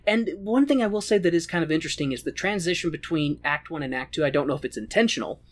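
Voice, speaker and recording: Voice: mid-range voice, expressive, quick pace. A podcast host recapping a film in casual chat, crude and sarcastic.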